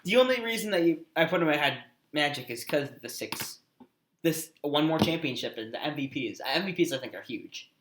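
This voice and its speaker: A man co-hosting a podcast in a casual sports debate, thinking aloud and often trailing off into quiet mumbles. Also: a little high, animated, brisk, reverberant, background noise. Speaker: podcast co-host.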